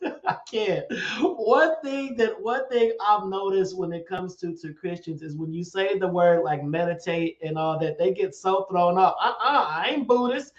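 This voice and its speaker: A man's voice: high voice, a little slow. A man hosting a live online talk show, preaching and joking with viewers by name. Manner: preachy and playful, talks to chat viewers by name. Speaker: host. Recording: echoey, dull lo-fi stream audio.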